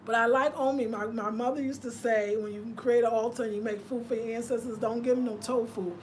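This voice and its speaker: A woman, chatting casually with viewers on a livestream, swinging between loud laughter and hushed murmurs. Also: a little high, fairly even intonation, a little fast, a little hiss or hum. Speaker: vlogger.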